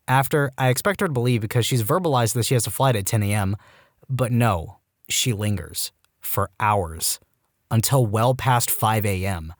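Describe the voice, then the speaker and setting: Animated male storytime narrator. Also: lowish voice, dry recording, clean studio sound. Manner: animated, jumps into quoted voices with wry asides. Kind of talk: reading reddit stories aloud.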